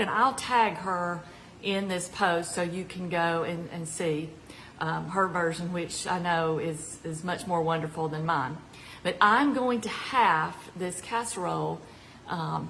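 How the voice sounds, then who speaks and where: A woman's voice: on the low side, a little hiss or hum, low-quality recording. Chatty Southern woman cooking at home. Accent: Southern American. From American South. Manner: chatty and folksy, with fillers and warm asides. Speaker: cooking show host, retired home ec teacher. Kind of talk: casual cooking demonstration. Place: home kitchen. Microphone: camera nearby.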